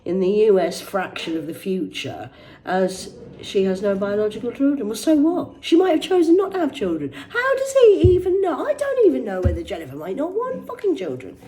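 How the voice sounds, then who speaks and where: A woman's voice: mid-range voice, big pitch swings, brisk, mellow. Sweary, rambling woman reading celebrity gossip. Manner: rambling, sweary, digressive, mock-indignant. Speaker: host reading celebrity news. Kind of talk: casual news commentary.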